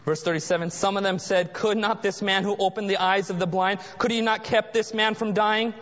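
A man preaching a sermon as pastor, dramatic, dropping to a hush for emphasis. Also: high voice, steady tone, fairly quick. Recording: muffled sound in a large reverberant hall.

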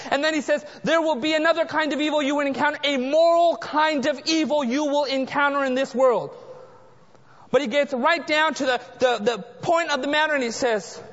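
A man preaching a sermon as pastor, dramatic, dropping to a hush for emphasis. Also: very high-pitched. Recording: muffled sound in a large reverberant hall.

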